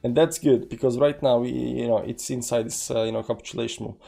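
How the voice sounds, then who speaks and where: Gravelly man rambling over charts. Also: medium pitch, steady tone, quick pace, mellow, faint music behind. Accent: non-native English. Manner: rambling, filler-heavy, reads chat aloud. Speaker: crypto trading livestream host. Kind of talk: casual livestream chart commentary.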